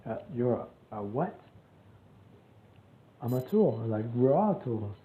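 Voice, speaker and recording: A man voicing a calm, resigned young ninja, speaking slowly and quietly. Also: mid-range voice. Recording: tinny echoey phone-like audio.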